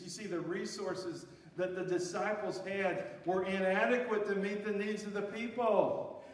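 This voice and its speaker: A man's voice: high-pitched, steady tone, unhurried. A man preaching a sermon as pastor, rising and dropping for emphasis as he reads and explains scripture. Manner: preaching with emphatic rises and drops. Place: church sanctuary. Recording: echoey hall, voice from far off.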